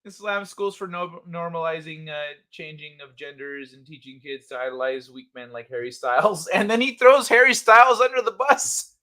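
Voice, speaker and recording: Bright high-voiced man, laughing stream host. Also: expressive, normal speed. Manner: laughs often, swears freely, reads headlines aloud. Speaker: livestream host. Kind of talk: casual late-night stream chat.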